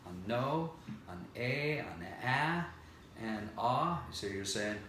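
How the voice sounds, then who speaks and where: A man's voice: mid-range voice, expressive, slow pace, over loud music. Tired vocal coach man in a roomy space. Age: older. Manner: explains then demonstrates scales and sustained sung vowels. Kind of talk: singing lesson with vocal demonstrations.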